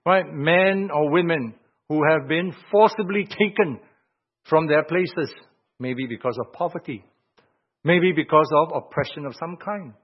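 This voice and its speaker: A man preaching an expository sermon, reading scripture aloud in King James wording and swinging between loud emphatic phrases and quiet asides. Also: a little high. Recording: dull lo-fi sound.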